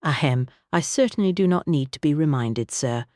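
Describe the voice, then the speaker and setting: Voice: medium pitch, expressive, moderate pace, darkish tone, dry recording, clean studio sound, lightly acted. A narrator voicing Greggs, a pompous manservant who blusters indignantly. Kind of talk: audiobook character reading.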